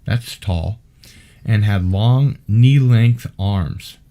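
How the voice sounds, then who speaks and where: Male podcast host, fairly low and warm, steady reader with dry asides. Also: extremely slow. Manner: dry, wry asides between steady reading. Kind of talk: podcast interview, reading case reports aloud.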